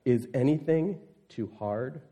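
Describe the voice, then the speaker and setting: A man's voice: mid-range voice, takes it slowly, dark tone. A male pastor preaching a sermon in an emphatic, conversational way, often asking the congregation rhetorical questions.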